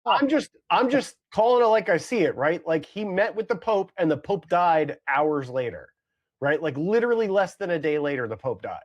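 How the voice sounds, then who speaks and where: A man's voice: on the high side, very animated, moderate pace, highs cut off. A man co-hosting a casual comedy podcast, rambling along with hedges, fillers and repeated phrases. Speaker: podcast co-host.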